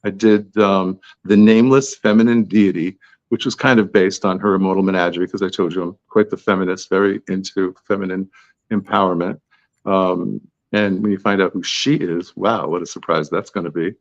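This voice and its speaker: Low-voiced guy rambling on about his books, dry dull lo-fi sound. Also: steady tone, normal speed, no room sound. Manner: chatty, tangential, self-deprecating. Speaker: author guest. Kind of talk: podcast interview answers.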